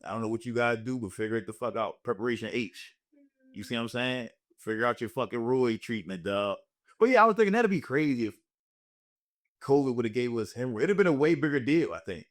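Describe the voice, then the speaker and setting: Profane, animated young man telling stories. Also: medium pitch, fast. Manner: profane, animated storytelling with put-on voices. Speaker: comedian and podcast host. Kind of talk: casual storytelling chat.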